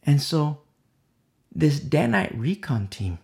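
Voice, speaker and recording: A preacher delivering an animated sermon, driving points home with emphatic repetition and acting out the people in the story. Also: medium pitch, slow, gravelly. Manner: acts out quoted voices.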